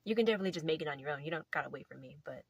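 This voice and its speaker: A woman's voice: low-pitched, animated, racing, gravelly, breathy edge, no room sound. A young woman casually telling a playful story to camera, rambling with lots of filler words. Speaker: video host.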